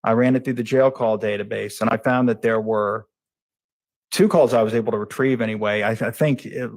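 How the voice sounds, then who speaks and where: A man, a police investigator, testifying in a courtroom, talking quickly and rambling with many fillers and self-corrections. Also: on the low side, fairly even intonation.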